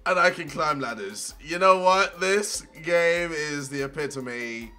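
A young man giving loud, profane gameplay commentary, shouting and yelping at the game. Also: fairly high pitch, animated, unhurried, faint music behind. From England. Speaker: gaming video creator.

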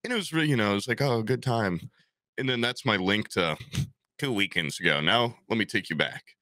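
A man's voice: fairly low pitch, brisk, sharp tone, no room sound. A young man co-hosting a comedy podcast, telling a crude, rambling story in casual chat. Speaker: podcast co-host.

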